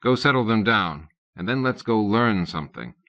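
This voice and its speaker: A man's voice: animated, normal speed. A man voicing a flustered, stern young male tutor, raising his voice. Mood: brusque. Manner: shouting, raised higher voice. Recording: dull lo-fi cassette audio.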